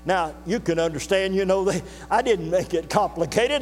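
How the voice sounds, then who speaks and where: An older man preaching a sermon to his congregation, telling a story in a folksy, earnest way and pausing to ask the listeners questions. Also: high-pitched. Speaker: pastor. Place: church sanctuary. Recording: reverberant hall with faint mains hum.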